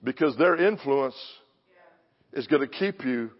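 This older preacher speaks a little slowly in an animated, medium-pitched voice, challenging his congregation with pointed questions in a punchy, confrontational sermon. Heard in a church sanctuary, the recording is dull with long hall reverb.

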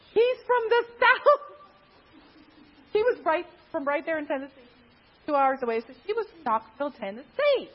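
A woman from Guyana casually telling a personal story in a chatty way, laughing often, on a dull lo-fi recording. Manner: chatty, laughs often, animated pitch jumps.

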